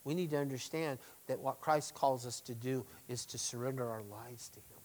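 A middle-aged man, a pastor, preaching a sermon, swinging between loud emphatic stresses and quiet asides. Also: medium pitch, moderate pace, slight background noise, rough recording.

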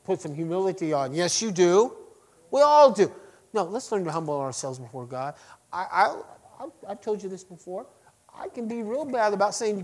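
A middle-aged man preaching to his congregation, swinging between loud emphasis and quiet lines and asking them direct questions. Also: high voice, animated, normal speed. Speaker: pastor. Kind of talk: sermon.

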